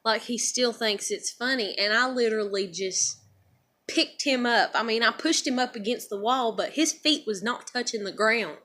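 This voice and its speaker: A woman talks straight to her camera and tells a story from her own life, looping through it with constant fillers. Her voice sits a bit high and sounds bright and forward. Her tone is blunt and she swears freely. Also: moderate pace. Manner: rambling, filler-heavy storytelling with frequent "like" and "you know". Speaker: vlogger. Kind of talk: casual storytelling while eating.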